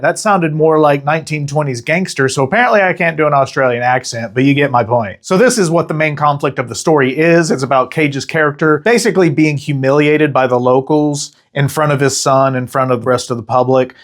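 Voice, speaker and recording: Young man, movie review host, casual, animated, swears freely, fairly high voice. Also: fairly quick, few pauses. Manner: animated, profane, chatty asides.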